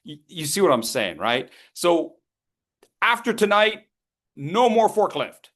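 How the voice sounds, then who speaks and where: A man in his fifties leading a public speaking workshop over a video call. His voice sits somewhat high, and his manner is playful and encouraging. He cheers people on by name as he goes. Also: sing-song, slow, fairly bright tone. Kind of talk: lively interactive workshop coaching.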